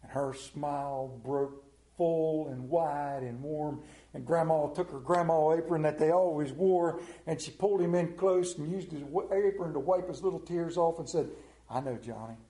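A man preaching a sermon, telling stories in a folksy way and dropping to a hush for quoted lines. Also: on the high side, fairly even intonation, normal speed, echoey room. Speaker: pastor. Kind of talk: storytelling sermon.

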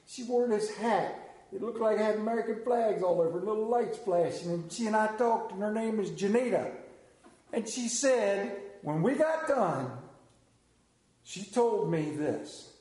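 A man preaching a folksy storytelling sermon, animated, then dropping low and slow for emphasis. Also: echoey room.

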